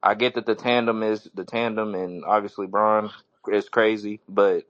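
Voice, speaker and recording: A man's voice: lowish voice, steady tone, normal speed, fairly bright tone, no room sound, dull audio. A man on a sports podcast giving his earnest take in a casual way, calling everyone bro.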